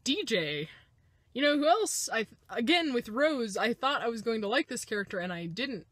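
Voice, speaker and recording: Excitable young woman ranting about a movie. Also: moderate pace. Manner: swearing, excitable, swings between loud outbursts and low mutters. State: winded. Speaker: vlogger. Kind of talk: casual movie reaction rant.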